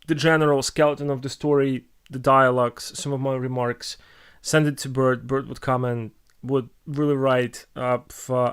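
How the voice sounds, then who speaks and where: Halting Russian-accented man with smooth voice. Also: mid-range voice. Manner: halting, many restarts and filler sounds. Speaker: streamer answering viewer questions. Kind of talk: casual live-stream chat.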